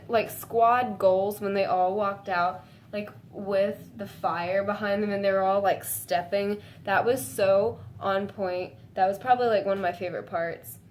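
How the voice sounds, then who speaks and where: A woman vlogging to her viewers in a gushing, excitable way, full of "like" fillers and breaking into high squeals. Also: slight background noise. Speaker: fan vlogger. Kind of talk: casual chat to camera.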